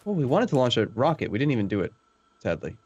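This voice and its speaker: A man chatting while playing a multiplayer game, animated and mock-indignant as he bickers with friends. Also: mid-range voice, fast talker, breathy edge, no echo, highs cut off. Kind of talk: casual multiplayer gaming chat.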